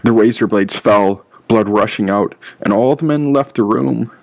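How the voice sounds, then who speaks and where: A man's voice: fairly low pitch, moderate pace, vocal fry, darkish tone. A man reading his own audiobook aloud in a grim, rhythmic first-person telling. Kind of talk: audiobook narration.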